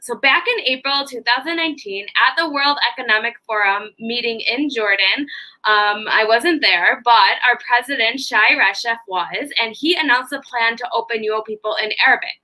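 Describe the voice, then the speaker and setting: High bright Chicago-accented woman host. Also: low-quality recording. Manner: upbeat, frequent um fillers. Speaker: interviewer and host. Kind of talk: live online interview.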